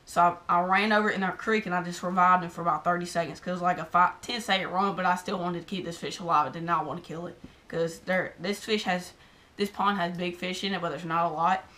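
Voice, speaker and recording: Excited rambling Southern woman telling a story. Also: fairly low pitch, quick pace. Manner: excited and rambling, heavy use of "like". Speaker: fishing vlogger. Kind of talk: casual storytelling to camera.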